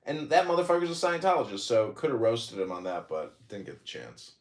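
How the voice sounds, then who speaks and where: A male podcast host spins rambling, boastful stories in a mid-pitched voice and chuckles at his own jokes. The audio has a roomy echo. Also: very animated, fairly quick. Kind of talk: casual chat, storytelling.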